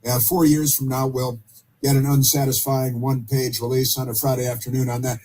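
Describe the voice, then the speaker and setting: A man hosting opinionated talk radio, speaking haltingly with many fillers and restarts and dropping sarcastic asides. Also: mid-range voice, little pitch movement, dark tone, slight background noise.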